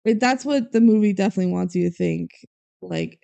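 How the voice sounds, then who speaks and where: Podcast co-host: young woman, chatty and laughing, with a smooth but gravelly voice. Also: medium pitch, brisk, mellow. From Minnesota, USA. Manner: chatty, laughing, filler-heavy. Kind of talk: casual chat.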